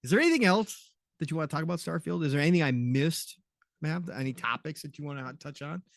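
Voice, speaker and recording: A man's voice: on the high side, animated, quick pace, vocal fry, no room sound, clean studio sound. A man co-hosting a gaming podcast in casual chat, teasing and laughing often. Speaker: podcast co-host.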